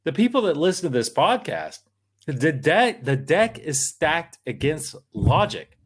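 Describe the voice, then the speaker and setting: A man's voice: a little high, sing-song, measured pace, husky. A man co-hosting a political podcast, talking in a worked-up, emphatic and rambling way. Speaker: podcast co-host. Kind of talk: casual political podcast chat.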